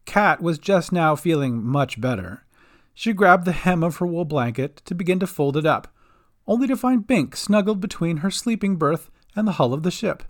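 Friendly man narrating a storybook podcast. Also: a little high. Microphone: homemade setup.

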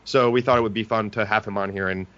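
A man's voice: fairly low pitch, fairly even intonation, fast, a bit bright, lo-fi sound. A man hosting a podcast, an attorney, talking in a casual, joking and talkative way.

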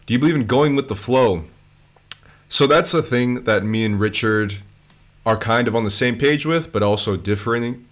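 A man hosting a casual chat, laid-back and jokey, dropping slang as he talks to his guest. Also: on the low side. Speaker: podcast host.

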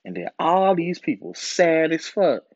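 Man in his twenties, solo rant host, swears heavily, lively pitch swings, a bit high, recorded dry and lo-fi. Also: a little slow, dry recording. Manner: profane, animated ranting with mocking put-on voices. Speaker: podcast host. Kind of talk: casual monologue. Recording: dull lo-fi sound, dry.

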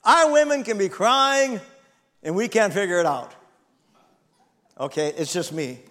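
A man's voice: high-pitched, expressive, unhurried, fairly bright tone. A man in his sixties preaching a sermon, reading scripture dramatically and calling the congregation to respond. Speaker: pastor.

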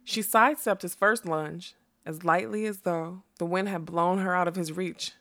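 A woman narrating a fantasy story aloud in a soft, measured reading voice. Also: fairly low pitch, steady tone. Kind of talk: audiobook narration.

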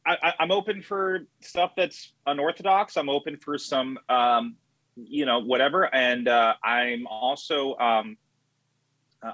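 A man's voice: mid-range voice, sharp tone, dry recording, poor audio. A man in an improvised comedy interview, telling rambling, self-deprecating stories and putting on silly voices.

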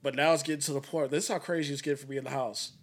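This is a man with a fairly high voice, hosting a casual podcast conversation. He talks in loose, rambling runs, full of fillers and false starts as he tells his stories. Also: fairly even intonation, very fast. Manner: rambling storyteller with many fillers and restarts. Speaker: podcast host.

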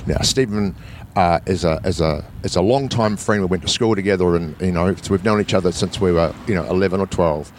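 A man with a New Zealand accent telling a personal story in a relaxed, rambling way, often restarting his sentences. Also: deep voice, a little fast, a little hiss or hum. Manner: rambling, many restarts, laughs through lines. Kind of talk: casual storytelling.

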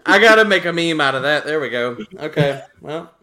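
A man's voice: fairly high pitch, animated, brisk, a loud crowd. A man co-hosting a podcast who sounds laid-back and amused in casual chat. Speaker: podcast co-host.

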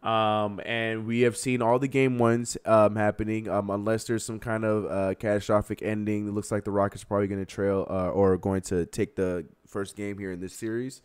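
Brief: young male stream host, lower voice, heated casual sports rant with laughs. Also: little pitch movement, normal speed, few pauses, clean tone. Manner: heated, ranting, laughing at himself. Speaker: livestream host. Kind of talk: casual sports talk livestream.

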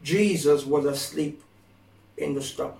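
A man preaching a sermon, slow and emphatic, repeating phrases and rising to impassioned pleas. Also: fairly high pitch, creaky, a little mellow. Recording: echoey room from far off.

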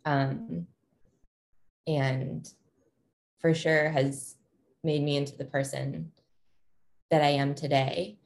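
A woman's voice: low-pitched, a little mellow. A woman in her thirties, a parent, talking thoughtfully and casually, with frequent ums and restarts. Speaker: parent sharing her experience. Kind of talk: reflective casual conversation.

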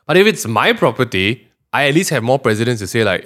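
Lively Malaysian man chatting. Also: medium pitch, fast talker. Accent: Malaysian English. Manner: animated, mimics people in Manglish asides. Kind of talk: casual podcast chat.

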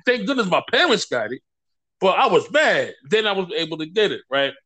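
High voiced guy, swings all over when he talks, acts out quotes, casual chat. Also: brisk. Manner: animated storyteller acting out quotes. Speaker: guest. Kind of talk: casual conversation.

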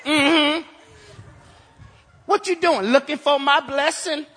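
Male pastor, high bright husky voice, fired-up repetitive preaching in a reverberant church hall. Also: takes it slowly, a little hiss or hum. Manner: excitable, repetitive call-and-response preaching. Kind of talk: energetic sermon. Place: church sanctuary.

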